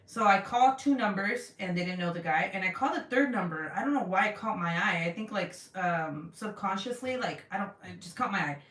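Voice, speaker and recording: A woman's voice: mid-range voice, brisk, hardly any pauses. A young woman vlogger telling a story in casual, profane chat, acting out the people she quotes. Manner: animated, profane, acts out quotes in her retelling. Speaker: craft vlogger. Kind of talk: casual storytelling chat, reading live comments. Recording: roomy sound from a distance.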